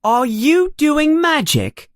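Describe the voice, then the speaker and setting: A narrator voicing a bossy, fast-talking know-it-all schoolgirl in a children's story, pitching the voice higher. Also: wildly swooping pitch, no echo, clean studio sound, full character voice. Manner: quick and bossy.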